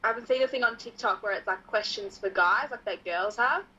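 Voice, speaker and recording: Brief: podcast host, husky bright voice, giggly and casual, dull call audio. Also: female voice, medium pitch, fairly quick. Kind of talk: casual chat. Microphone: video call.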